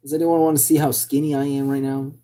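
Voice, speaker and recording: A man chatting casually on a live stream, rambling with lots of hesitations and reading out viewer comments, his voice still recovering from hoarseness. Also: fairly high pitch, level tone, quick pace, dark tone. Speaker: livestreamer.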